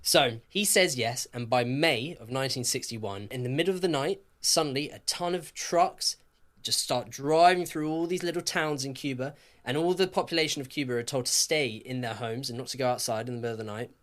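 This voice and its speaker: A man co-hosting a podcast, telling history casually in a jokey, animated way. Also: mid-range voice, fairly quick. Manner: lively, jokey, swears, laughs often. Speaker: podcast co-host.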